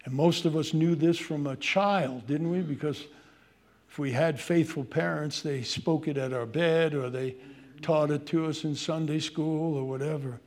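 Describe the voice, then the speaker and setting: A man preaching a sermon, swinging from loud emphasis to hushed pleading as he addresses his congregation. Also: fairly high pitch, normal speed. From Irish heritage. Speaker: pastor.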